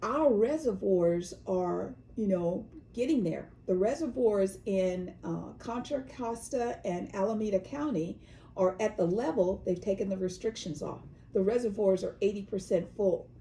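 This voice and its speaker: A woman's voice: mid-range voice, a little slow, gravelly, dark tone, a little hiss or hum, rough recording. A woman from California co-hosting a casual chat show, telling news stories and sometimes acting out the voices of the people in them. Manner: storytelling, acts out quoted voices. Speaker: co-host.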